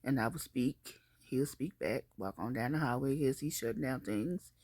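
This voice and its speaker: A woman telling a personal story in a casual, animated and emphatic vlog style. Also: rumbling low, moderate pace, husky, dry recording.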